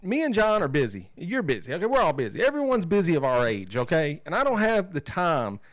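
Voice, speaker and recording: Emphatic ranting man, lively voice. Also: on the high side, a little fast, dry recording. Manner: emphatic, ranting, repeats himself. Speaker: podcast co-host. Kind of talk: casual chat.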